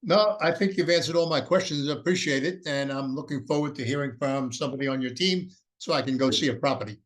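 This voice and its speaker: A man's voice: mid-range voice, fast, a bit bright. A man talks through a business tool in an unpolished, folksy way. His voice sits in a middle range, and he often stops to restart his sentences. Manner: rambling, many fillers and restarts, folksy. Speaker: presenter of an AI business course. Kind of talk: casual explanatory presentation.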